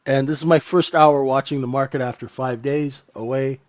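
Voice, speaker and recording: A man's voice: medium pitch, fairly even intonation, moderate pace, dry recording, dull audio. A man hosting a live trading room, talking casually and thinking aloud as he calls futures trades.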